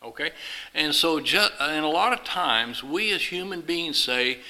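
Casting: male preacher, folksy and rambling, sharp bright tone, addressing a live congregation. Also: on the high side, expressive, measured pace, low-quality recording. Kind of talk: sermon with illustrative story.

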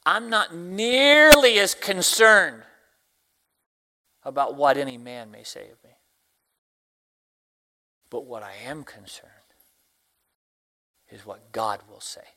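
Man, preacher, bright forceful tone, slightly high voice, hushed to loud. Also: animated. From Tennessee, US. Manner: swings from hushed to loud exclamations; quotes scripture in slow, drawn-out phrasing. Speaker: deacon and Sunday school teacher. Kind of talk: sermon.

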